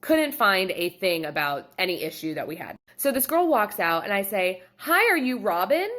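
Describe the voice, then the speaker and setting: A woman's voice: lowish voice, moderate pace. A middle-aged woman, a photographer telling a story in a casual vlog and acting out the people in it. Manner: animated storytelling, acting out quotes. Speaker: photographer and studio owner.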